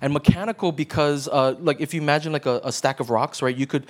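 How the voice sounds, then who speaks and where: A man's voice: fairly high pitch, fast. A man preaching a sermon as pastor, conversational and emphatic, often checking in with his listeners. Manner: conversational preaching with frequent "right?" asides.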